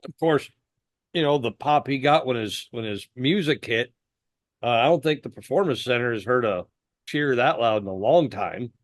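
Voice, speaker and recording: Brief: man, podcast co-host, mid-pitched, easygoing, halting recall, dry close sound. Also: no echo. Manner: relaxed, recalling details haltingly. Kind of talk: casual chat.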